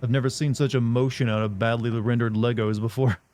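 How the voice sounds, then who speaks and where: A man's voice: medium pitch, steady tone, a little fast, darkish tone. A man chatting casually with viewers while streaming a game, rambling, joking, and laughing often. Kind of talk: casual chat while playing.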